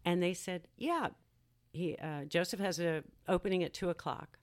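A woman in her sixties with a notably low voice for a woman. She chats as a podcast guest and tells her story casually, laughing easily along the way. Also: moderate pace. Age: 60s. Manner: chatty, laughs easily while telling a story. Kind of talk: casual chat.

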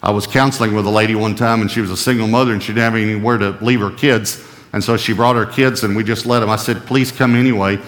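Man, pastor, emphatic sermon delivery, scripture read slowly, questions put to the audience, long hall reverb. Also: on the low side, steady tone, a bit bright.

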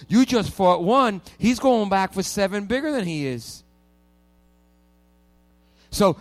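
A male pastor preaching a sermon with playful call-and-response and strong emphasis. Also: high-pitched.

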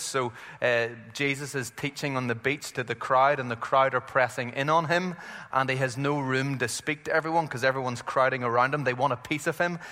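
Bright-voiced Irish preacher in a hall. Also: male voice, medium pitch. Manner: conversational, with frequent fillers and restarts. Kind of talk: sermon.

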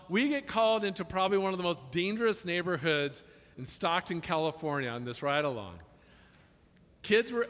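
Pastor type, man, high bright voice, chatty jokes into earnest preaching, long reverb of a hall. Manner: chatty, jokey storytelling building to earnest preaching. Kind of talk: sermon with humorous stories.

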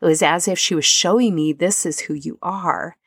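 A woman hosts a podcast, giving a personal reflective monologue about something she lived through. She speaks softly, earnestly and emotionally, at moments near tears. Her husky voice is fairly low and moderately paced, and there's no echo.

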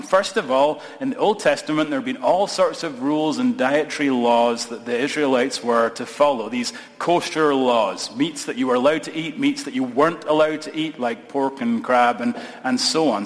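A man's voice: mid-range voice, moderate pace, hardly any pauses. A man with a Scottish accent, a pastor giving a sermon in a conversational, lightly humorous way. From Scotland. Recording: long reverb of a large hall.

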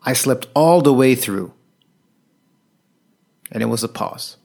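Guy telling a personal story, earnest and reflective, mid-pitched voice. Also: vocal fry, darkish tone. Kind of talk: personal story told to an audience.

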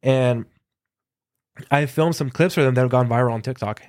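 Man, casual storyteller, animated, acts out dialogue, filler-heavy, dry close sound. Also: mid-range voice, normal speed, no echo. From Southern California. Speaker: guest, concert photographer.

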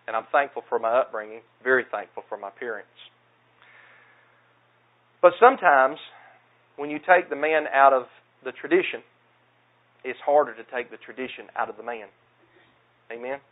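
A male pastor with a Southern US accent delivers a sermon in an earnest, plain-spoken, self-deprecating way. His voice sits at a middling pitch and comes through a thin, phone-like channel. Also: normal speed, pauses often. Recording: tinny phone-like sound.

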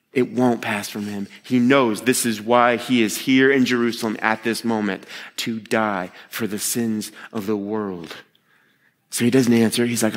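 A man delivers a sermon in a relaxed, conversational way, at a middle pitch for a man. He retells a scripture passage and slips into everyday voices for the people in it. His voice carries with the long echo of a large hall. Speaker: preacher.

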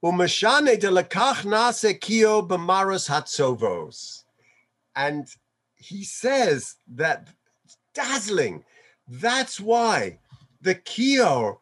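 Male rabbi, Torah sermon, higher-pitched voice, unhurried delivery, chuckles while explaining. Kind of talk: Torah sermon mixing Hebrew quotations.

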